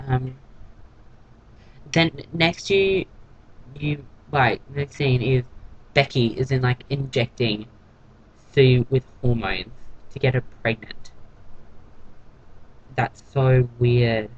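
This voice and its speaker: A young-sounding man, chatting straight to camera in a casual vlog recap. His voice sits at an everyday middle pitch, and his tone is catty and sarcastic as he dishes out gossip. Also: highs cut off, slight background noise. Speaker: TV episode reviewer.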